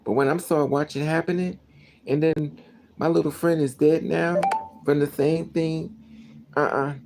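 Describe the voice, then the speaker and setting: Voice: mid-range voice, steady tone, normal speed, vocal fry, a little mellow, slight background noise, low-quality recording. A vlogger telling a story as a casual rant, emotional and indignant, repeating phrases for emphasis.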